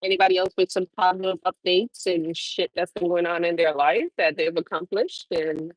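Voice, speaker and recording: A woman's voice: lowish voice, fairly even intonation, moderate pace, no echo, poor audio. Profane laid-back woman chatting on stream. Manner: loose, profane, laughing, talks back to chat. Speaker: trucker livestream host. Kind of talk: casual livestream chat.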